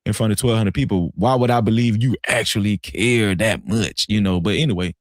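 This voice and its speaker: A man telling a story casually on a live stream, animated and profane, often repeating himself. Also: fairly low pitch, a little fast, no room sound, clean studio sound.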